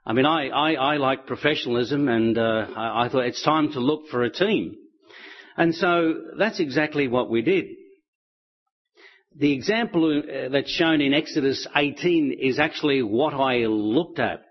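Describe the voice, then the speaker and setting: A man telling stories to an audience in a relaxed, chatty way. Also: medium pitch, unhurried, breathy edge, muffled recording. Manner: relaxed, chatty, with light laughs. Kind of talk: storytelling talk to an audience.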